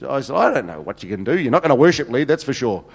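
A man's voice: medium pitch, very animated, fast talker, gravelly. A middle-aged man, a senior pastor telling funny stories in a sermon with many fillers. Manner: humorous, anecdotal, many fillers. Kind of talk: sermon storytelling. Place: church hall. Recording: long hall reverb.

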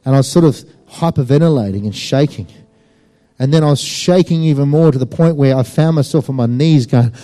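A man telling a personal testimony in an animated, emphatic way, with many fillers. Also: mid-range voice, brisk. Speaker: speaker giving a personal testimony. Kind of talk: storytelling testimony.

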